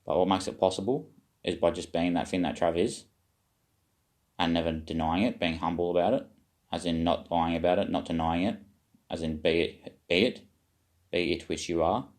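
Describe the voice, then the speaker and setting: Casting: man, very low voice, meandering vlog monologue, muses aloud. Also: steady tone, normal speed, darkish tone. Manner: meandering, self-questioning, occasional swearing. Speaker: vlogger. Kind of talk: rambling spiritual monologue.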